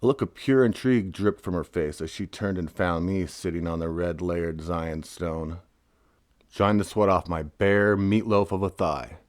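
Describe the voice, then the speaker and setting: A man's voice: deep voice, steady tone, moderate pace, no room sound. A man reading his own memoir aloud in a wry, casual storytelling manner. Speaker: narrator.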